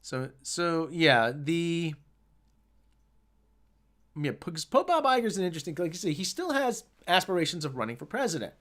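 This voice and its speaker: Man, live stream host, loose rambling chat, reads viewer comments aloud, lively up-and-down pitch. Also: normal speed.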